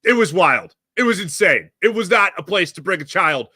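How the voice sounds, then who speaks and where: A man hosting a solo sports talk show, ranting in an animated way and putting on voices for the people he quotes. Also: high-pitched, moderate pace, slightly rough, no room sound, clean studio sound. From Philadelphia area.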